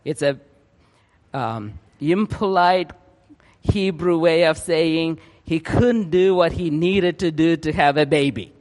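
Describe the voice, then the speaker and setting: A man preaching a sermon, excited and rushing, often checking in with his listeners. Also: fairly high pitch, long reverb tail.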